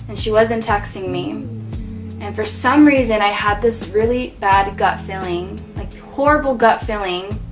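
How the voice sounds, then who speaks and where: A woman's voice: mid-range voice, moderate pace, music in the background. A woman vlogger telling a personal story from her apartment, heartfelt and loose, full of "like" and "you know.". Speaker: beauty vlogger.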